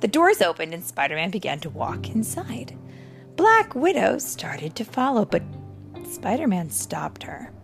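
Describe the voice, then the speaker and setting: A woman reading a storybook aloud to a child, gently explaining words and story as she goes. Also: medium pitch, wildly swooping pitch, a little slow, vocal fry, faint music behind.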